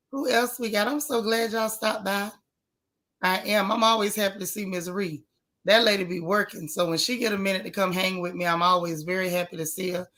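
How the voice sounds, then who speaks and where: A woman's voice: medium pitch, a bit bright. Folksy woman with a strained voice. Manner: folksy, chatty, greets viewers one by one. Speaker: livestream host. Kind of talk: casual live-stream chat.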